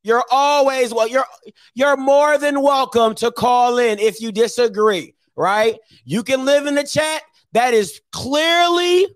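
A man hosts a sports call-in show with a strikingly high-pitched voice. He argues bluntly and hammers his points by saying them over and over. His voice sounds dry and close to the mic. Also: fairly bright tone, no echo. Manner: blunt, repeats himself for emphasis. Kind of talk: argumentative sports call-in talk.

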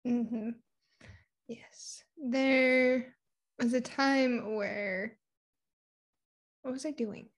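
A young woman from Puerto Rico, talking candidly in a casual conversation. Her voice sits a bit high, and she tells personal stories in a chatty way, acting out what people said. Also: fairly even intonation, very slow, pauses often. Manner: candid, chatty storytelling with acted-out quotes.

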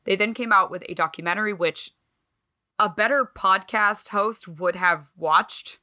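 A woman co-hosting a podcast in casual chat, talking in an animated, swearing, self-mocking way. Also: medium pitch, a little slow. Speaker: podcast co-host.

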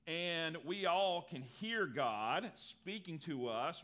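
A man preaching a sermon as pastor, animated and acting out the people in his story. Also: a little high. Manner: animated, acts out quotes in lively voices.

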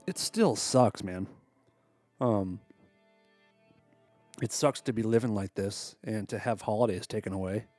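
A man's voice: lowish voice, darkish tone, dry recording. A married man hosting a comedy podcast, talking in a casual monologue that is exasperated, sarcastic and full of swearing. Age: adult, married.

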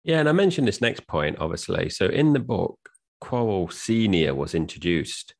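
A man's voice: sits low, big pitch swings, normal speed, creaky. A man co-hosting a podcast, chatting casually about a film and reading quotes out plainly. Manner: chatty, reads quotes plainly without accents. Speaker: podcast co-host. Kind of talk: casual film review chat.

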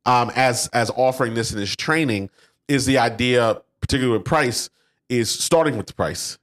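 He co-hosts a podcast and talks sales in a relaxed business chat, speaking at a moderate pace in a mid-range voice. Quoting salespeople, he animatedly performs their lines.

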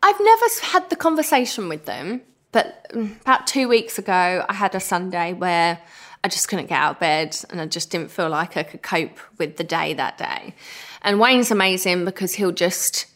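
A British woman in her thirties talks as a podcast guest, her voice bright and forward. She recounts stories in a loose, animated way, with "like" scattered all through. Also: on the low side, moderate pace. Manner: chatty and animated, heavy use of "like". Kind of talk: casual storytelling chat.

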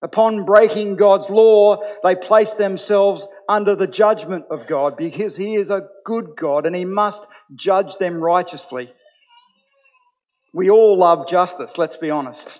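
A man's voice: sits high, measured pace, darkish tone. A man preaching a sermon as pastor, earnest and building to emphatic points. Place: church. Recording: dull sound with long hall reverb.

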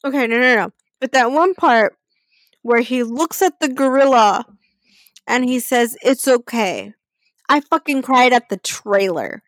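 A woman's voice: high voice, a little slow, no echo. A woman co-hosting a podcast in casual chat, swearing freely and laughing as she talks. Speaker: podcast co-host.

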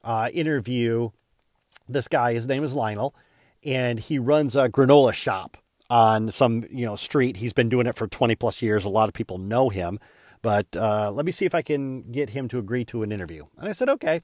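A man's voice: medium pitch, a little fast, no echo, studio quality. Man telling a story on his podcast. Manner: casual, self-deprecating, animated retelling with restarts. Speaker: podcast host.

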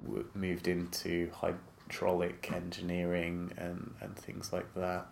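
A British man talking as a guest in a casual interview, relaxed and hesitant, with many fillers. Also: sits low, slow, gravelly, slight background noise.

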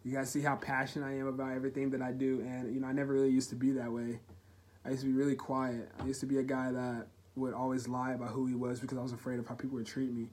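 A young man hosting his own podcast, talking earnestly and haltingly about personal struggles in a heartfelt, emotional way. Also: medium pitch, completely flat delivery, darkish tone, a little hiss or hum. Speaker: podcast host. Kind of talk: solo confessional podcast talk.

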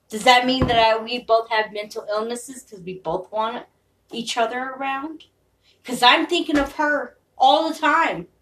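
A woman's voice: fairly high pitch, slow, distant mic, a little hiss or hum, low-quality recording. A woman podcaster in a rambling, profane, confessional monologue.

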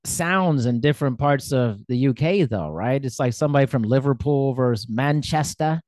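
A man's voice: medium pitch, moderate pace, a little mellow, no echo, studio quality. A man hosting a casual interview, chatty and self-deprecating, with lots of fillers. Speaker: podcast host.

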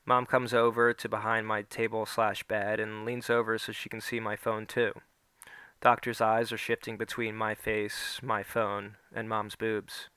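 A man's voice: on the low side, completely flat delivery, a little slow, pushed and bright, smooth, no echo. A man narrating a first-person story aloud, giving the characters small shifts of voice.

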